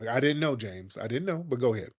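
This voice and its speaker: A man's voice: medium pitch, expressive, fast talker. A man hosting a call-in radio show, blunt and scolding, cutting callers off. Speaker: radio host.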